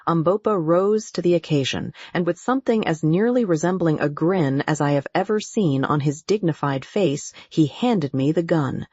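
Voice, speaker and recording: A woman reads an adventure audiobook in a low, husky voice, steady and deliberate. The recording is dry and close, with a slightly dull, muffled tone. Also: no echo. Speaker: audiobook narrator. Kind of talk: scripted audiobook narration.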